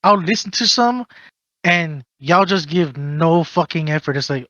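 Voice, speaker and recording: A man's voice: fairly high pitch, lively intonation, unhurried, sharp tone, no room sound, muffled recording. A man hosting a casual podcast, ranting animatedly and swearing while giving advice. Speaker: podcast host.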